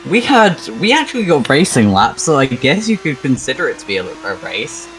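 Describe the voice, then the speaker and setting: Joking halting male race commentator. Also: mid-range voice, huge pitch swings, a bit bright, rough recording. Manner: joking, self-deprecating, halting. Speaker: sim racing commentator.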